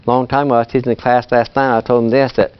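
Relaxed chatty male language teacher. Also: medium pitch, very fast, smooth, muffled recording. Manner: relaxed and chatty, laughs often. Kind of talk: classroom lesson. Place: classroom.

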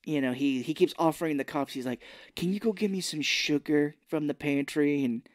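This podcast co-host has a voice on the high side and talks at a normal speed, captured in a clean, echo-free studio. He lively retells a movie's plot in relaxed chat, voicing the characters' lines himself.

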